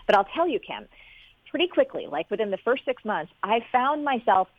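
A woman's voice: on the high side, moderate pace, no room sound. Woman in her 40s telling her story all fired up, sounds tinny like a phone line. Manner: energetic, earnest, animated storyteller. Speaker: guest, business coach. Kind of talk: personal storytelling in an interview.

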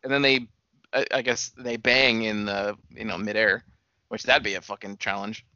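A man's voice: fairly low pitch, steady tone, normal speed, sharp tone, dry recording. A young man co-hosting a casual podcast, arguing his point, laughing often and swearing, his voice jumping up when worked up. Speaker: podcast co-host. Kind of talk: casual profane chat. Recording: dull lo-fi sound.

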